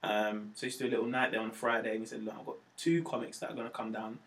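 Fast-talking comedian. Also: male voice, lowish voice. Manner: animated, acts out quotes with raised voice, slangy. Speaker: comedian guest. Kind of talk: casual storytelling chat.

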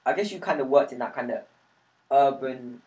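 A man's voice: mid-range voice, dark tone, rough recording. A man hosting a podcast, asking a comedian questions in an easygoing, conversational way. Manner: quick, easygoing questioning with frequent agreement. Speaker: podcast host. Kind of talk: casual interview questions.

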